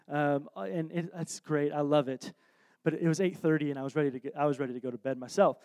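A man with a notably high voice tells a story from the pulpit, animated and self-deprecating. He keeps restarting his sentences as he goes, in his thirties and at ease with the crowd. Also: a little fast. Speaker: preacher. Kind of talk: anecdotal sermon storytelling.

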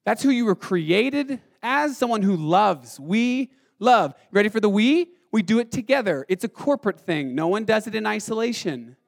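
A young adult man preaching a sermon, talking casually and with feeling, his delivery moving between quick, loud bursts and slow, quiet stretches. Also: high-pitched, gravelly. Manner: animated, swings from fast and loud to quiet and slow. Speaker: pastor.

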